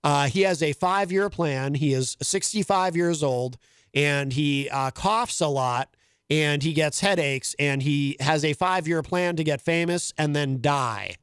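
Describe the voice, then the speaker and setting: A man's voice: fairly high pitch, a little slow, fairly bright tone, smooth, no room sound. A man hosting a podcast, rambling and mocking himself, breaking into laughs at his own jokes. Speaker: podcast host. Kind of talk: casual monologue.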